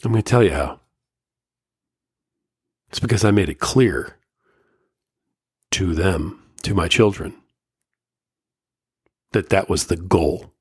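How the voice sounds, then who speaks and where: Deep husky middle-aged man. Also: expressive, no echo, studio quality. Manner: earnest and emotional, speaks slowly in measured phrases; firm and lecturing about fatherhood. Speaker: podcast host. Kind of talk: solo podcast monologue.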